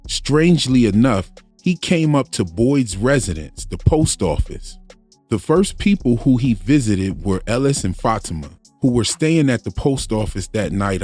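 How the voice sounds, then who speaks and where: A man's voice: fairly low pitch, darkish tone. A man hosting a TV theory channel, giving casual analytical commentary and reasoning aloud in a conversational way. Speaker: YouTube theory channel host.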